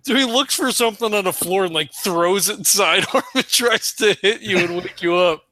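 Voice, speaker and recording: A man with a high, bright voice recounts his turn in a tabletop game, animated and full of swearing. His voice is dry and close, with no room sound. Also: moderate pace, no echo. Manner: animated storytelling, swears often. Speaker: player. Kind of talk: casual tabletop role-play.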